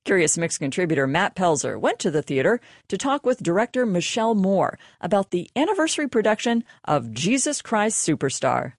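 A woman radio host reading a scripted introduction in a measured announcer delivery. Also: lowish voice, very animated, no room sound.

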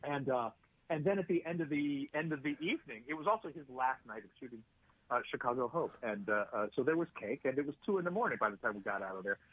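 A man's voice: mid-range voice, expressive, fast, no room sound. A man, an actor and writer, telling rambling anecdotes in a casual interview, full of fillers and restarts. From United States. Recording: tinny phone-like line.

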